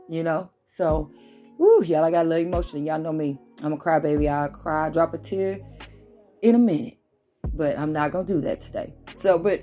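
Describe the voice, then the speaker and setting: A woman giving a casual motivational talk to her viewers, animated and preachy, calling them y'all. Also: sits low. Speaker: vlogger.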